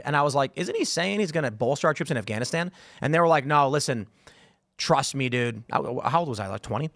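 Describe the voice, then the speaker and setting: A man in his thirties, hosting a casual political talk show, talks at a rapid clip in a slightly raised voice. He acts out the people in his stories as he goes. The studio sound is dry and close. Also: fairly high pitch, no room sound. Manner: animated storyteller, acts out quotes. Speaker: podcast host.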